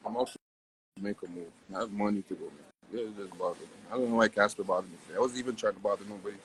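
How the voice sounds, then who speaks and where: A young man, ranting profanely on a phone livestream, his voice jumping wildly between low and high. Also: very fast, slight background noise, rough recording. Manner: profane, animated, wild pitch swings. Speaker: livestream host. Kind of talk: casual livestream rant.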